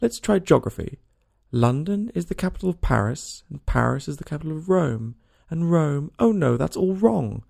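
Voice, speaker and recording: A man's voice: on the high side, sing-song, normal speed, vocal fry, a little mellow, voice pushed up, heavily acted. A man reading a storybook aloud and voicing a small curious girl who talks to herself in a rambling, worried way. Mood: puzzled.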